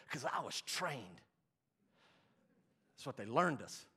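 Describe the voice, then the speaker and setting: A man preaching a sermon as pastor, passionate, swinging from quiet asides to loud emphatic preaching. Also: medium pitch, very animated, normal speed, pauses often, husky.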